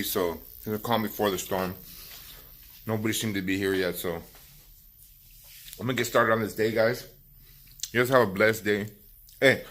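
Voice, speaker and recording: A man's voice: on the low side, a bit bright, slight background noise. A man who owns a barbershop, talking casually to his viewers in a vlog with a Californian accent and a lot of repeated words and restarts, as if coaching younger barbers. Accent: Californian English. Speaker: barbershop owner and vlogger. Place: driving around town, then in his barbershop.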